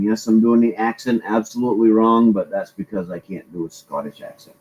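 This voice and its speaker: A man's voice: on the low side, a little fast, hardly any pauses, a little mellow, highs cut off. A man hosting a casual live-stream chat, rambling along and greeting his viewers by name.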